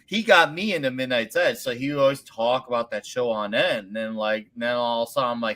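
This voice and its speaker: A man being interviewed as a guest, his voice on the lower side of ordinary for a man. He tells relaxed, rambling stories full of fillers and restarts. His delivery stays casual and friendly. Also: a little fast, few pauses. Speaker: guest creator.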